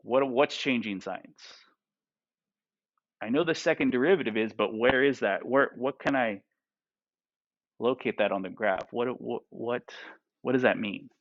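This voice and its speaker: A man's voice: medium pitch, measured pace, pauses often, no room sound, highs cut off. A male math teacher lecturing a class. He asks the students lots of questions and keeps checking in with "right?" and "okay?".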